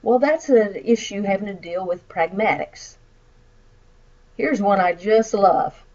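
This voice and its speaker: A woman's voice: medium pitch, measured pace, dark tone, dull audio. A woman with a Southern American accent, a college instructor giving a recorded lecture over slides and explaining with acted example phrases. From Midwestern United States.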